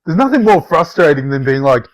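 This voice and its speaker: A man co-hosting a podcast, cutting in with quick remarks. His voice is fairly high and swings a lot in pitch. The recording is close and dry. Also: sing-song, no echo, low-quality recording. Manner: quick interjecting banter. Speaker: podcast co-host. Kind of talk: casual chat.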